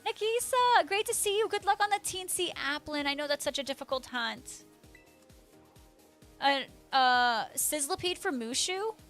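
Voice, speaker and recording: A young woman with a high voice talks in a bubbly, chatty way on a live stream, answering her viewers as she goes. Faint music plays behind her. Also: expressive, normal speed, fairly bright tone. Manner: bubbly, chatty, reads chat aloud. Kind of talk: casual live-stream chat.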